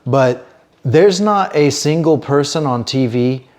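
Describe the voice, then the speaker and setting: A man's voice: mid-range voice, slow. A man co-hosting a comedy podcast, rambling and swearing as he chats casually. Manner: rambling, animated, swears often. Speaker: podcast co-host.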